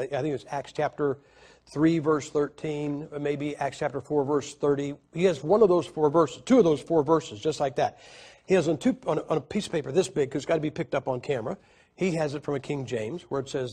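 Guy preaching, kinda high voice, stumbles and repeats himself, gets loud then quiet. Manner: animated storytelling, swings between loud and quiet; halting, repeats words and restarts. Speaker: evangelist preacher. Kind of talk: sermon storytelling to a congregation.

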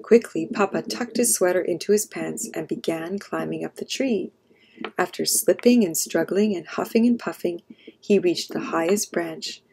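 Gravelly low-voiced woman reading aloud. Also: normal speed, mellow, a little hiss or hum. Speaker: storyteller. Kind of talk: children's read-aloud.

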